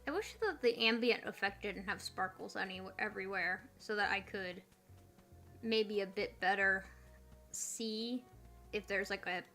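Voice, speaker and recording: Bright-voiced young woman streamer thinking aloud. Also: medium pitch, a little slow, soft background music. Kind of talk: casual gameplay commentary.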